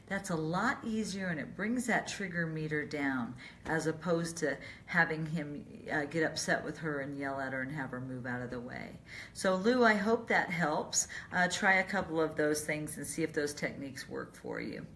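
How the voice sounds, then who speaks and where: A middle-aged woman hosting a live video chat, calmly answering viewer questions about caregiving. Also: deep voice, slight background noise. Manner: calm, advisory, acts out short example lines. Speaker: radio host and dementia caregiving advisor.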